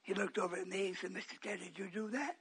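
A man, likely older, preaching a storytelling sermon, swinging from quiet asides to shouted outbursts. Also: high-pitched, quick pace, slight background noise.

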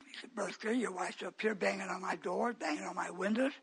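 A preacher man tells a long story in his sermon. His voice is bright and edgy, with a husky grain. He drops to quiet asides, then bursts into loud shouts. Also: sits high, fast, few pauses.

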